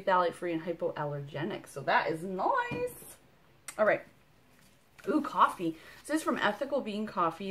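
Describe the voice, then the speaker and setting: A woman in her thirties with a slightly low voice talks through an unboxing in a loose, bubbly way. She piles on "like" and "um" as she goes, sounding chatty and unscripted. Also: a bit bright, a little hiss or hum. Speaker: vlogger. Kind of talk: casual unboxing chat.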